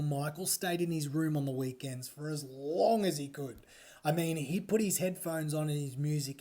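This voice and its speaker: A man's voice: on the high side, a little mellow. A man narrating a horror story in a loose, conversational way, full of fillers and asides.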